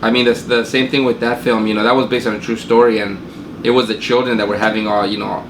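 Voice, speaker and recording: Gravelly low-voiced man, relaxed chat. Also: fast talker. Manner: easygoing, asks questions, many fillers. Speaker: podcast co-host. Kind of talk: casual chat. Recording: echoey room with clear noise.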